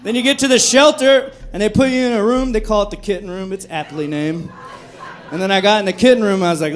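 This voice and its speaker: On a club stage, a young adult man performs a stand-up set, rambling and profane, and often laughs at his own jokes as the audience laughs too. His voice sits high and he talks fast.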